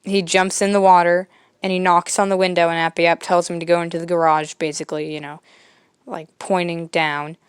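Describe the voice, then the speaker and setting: A woman's voice: lowish voice, flat delivery, fairly quick, smooth, no echo, studio quality. A woman podcast host casually retelling a homemade comic, rambling with lots of fillers. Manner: rambling, filler-heavy, quietly amused.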